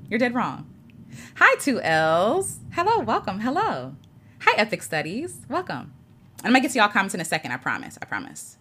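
A woman hosting a livestream, greeting viewers and slowly guiding breathing and spoken affirmations in an earnest tone. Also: medium pitch, huge pitch swings, sharp tone, slight background noise. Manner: greets chat viewers by name. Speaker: livestream host. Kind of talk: guided reflection livestream.

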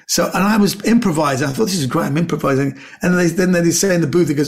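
A middle-aged British comedian guest talks quickly at a fairly high pitch, with few pauses, as he relates anecdotes in casual conversation. An animated storyteller and actor, he voices the people in his tales and often restarts his lines.

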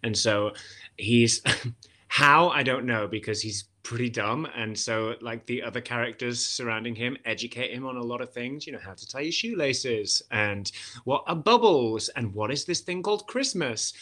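Bright-voiced British man chatting. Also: mid-range voice, normal speed. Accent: generalized British, light Welsh. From Wales. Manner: rambling, restarts sentences. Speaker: guest actor. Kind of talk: casual interview chat.

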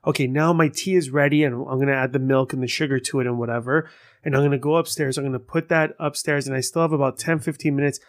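A man hosting a casual solo podcast, rambling and swearing as he tells stories in an animated way. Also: medium pitch, quick pace. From Persian heritage. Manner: rambling, profane, animated storytelling. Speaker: podcast host.

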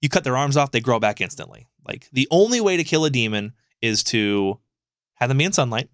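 Man, podcast co-host; middle pitch, casual, rambling, animated delivery; dry close mic. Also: a little fast, clear, resonant tone, no room sound. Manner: animated, rambling storytelling with frequent fillers and swearing.

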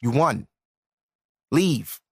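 Male podcast host, blunt lecturing rant, lively swinging delivery, dry room. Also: medium pitch, extremely slow, creaky, slightly rough, no echo.

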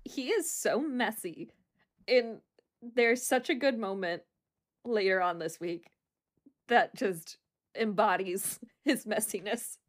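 A woman co-hosting a podcast in casual chat, excitable and laughing a lot, swearing freely as she recaps a reality show. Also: medium pitch, takes it slowly, long pauses. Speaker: podcast co-host.

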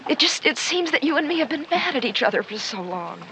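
An earnest estranged daughter. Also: female voice, high-pitched, very animated, quick pace, sharp tone, slight background noise, exaggerated voice. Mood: pleading. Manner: pleading and hesitant. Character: grown daughter estranged from her father, earnest.

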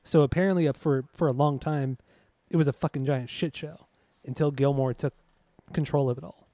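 Mellow man rambling through a story. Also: mid-range voice, fairly even intonation, a little fast, no echo. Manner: rambling, hesitant, profane, many fillers. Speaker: podcast co-host. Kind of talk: casual chat, recounting music history.

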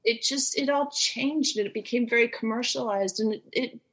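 A woman's voice: a little high, normal speed, a bit bright, slightly rough. A middle-aged woman guest telling stories in an enthusiastic, chatty way during a casual conversation. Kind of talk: casual chat.

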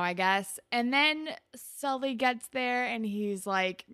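A woman's voice: a little high, slow, sharp tone, clear, resonant tone, dry recording, studio quality. A young woman casually recapping a TV episode with a co-host, chatty and sarcastic, full of "like". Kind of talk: casual chat.

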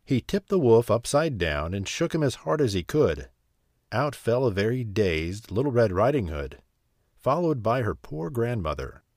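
A man reading a bedtime story aloud in a slow, soothing, expressive way. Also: mid-range voice, dry recording, studio quality.

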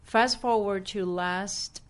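A woman from Rico, a guest telling an animated story in a casual interview, acting out what people said. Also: medium pitch, smooth. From Puerto Rico. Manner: animated, acts out quoted dialogue, fast bursts. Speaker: actress and guest.

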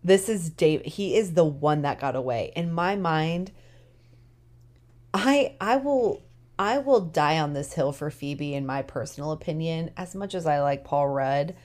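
Woman, low voice, casual podcast recap, animated storyteller, tired. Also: unhurried. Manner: animated storyteller, emphatic opinions. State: tired, yawning. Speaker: podcast co-host.

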